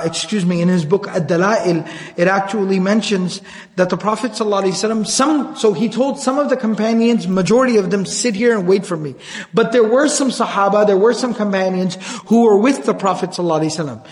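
A man's voice: high-pitched, big-room sound. A man giving a religious lecture, telling a story earnestly, reciting passages and then explaining them. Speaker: Islamic lecturer.

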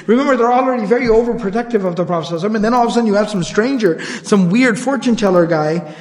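A man giving a conversational religious lecture in a casual, chatty way, breaking into quick Arabic recitation, recorded in a reverberant hall. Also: high voice, darkish tone. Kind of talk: conversational Islamic storytelling lecture.

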